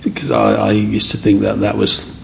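A man's voice: on the low side, normal speed, creaky, slight background noise. A middle-aged man, telling his life story as an interview guest and acting out the people in it. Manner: animated, acts out the people in his stories.

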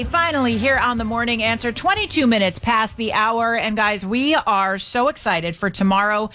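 A woman's voice: on the high side, pushed and bright. A woman hosting a talk radio show on a studio microphone, chatty, upbeat and opinionated.

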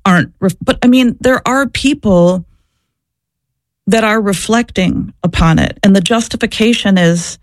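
A woman's voice: mid-range voice, unhurried, dry recording, studio quality. A woman and former social worker answering interview questions, telling her story in an earnest, reflective way. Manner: earnest, reflective, searching for words.

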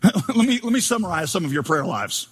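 A man with a high, husky voice preaches a lively sermon full of jokes and rhetorical questions. His words ring out with a long reverb, as if in a large hall. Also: a little fast. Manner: animated, joking, rhetorical questions. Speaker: pastor.

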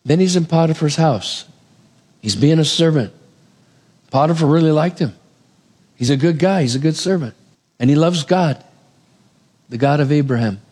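A man preaching a sermon, retelling a Bible story in a casual, animated way with asides to the congregation. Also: a little high.

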